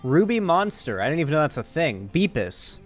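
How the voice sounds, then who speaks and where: A man streaming casually, joking and reading his chat aloud in an animated way. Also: fairly high pitch, fairly quick, soft background music. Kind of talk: casual live-stream commentary.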